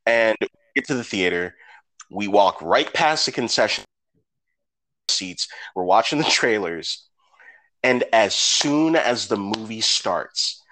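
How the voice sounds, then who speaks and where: A man with a fairly low voice chats casually on a podcast, telling stories with swearing along the way. He acts out what other people said and jumps sharply up in pitch when he does. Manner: animated storyteller, acts out quoted people with big pitch jumps. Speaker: podcast co-host. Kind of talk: casual chat.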